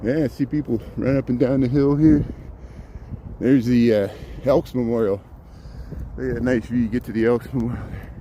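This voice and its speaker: A man chats to his livestream viewers while strolling a city park at dawn with a handheld phone, rambling, repeating himself and restarting sentences, a little winded from the walk. His medium-pitched voice is dark and fairly even at a normal speed, the audio dull, with faint traffic hum and street sounds behind him.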